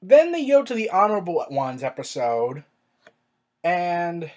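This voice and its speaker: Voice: medium pitch, big pitch swings, unhurried. Someone ranting casually about a show, lots of "like" and "uh", voice jumps way up when annoyed. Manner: exasperated rhetorical questioning; rambling with filler words and restarts. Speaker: show reviewer. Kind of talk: casual review monologue.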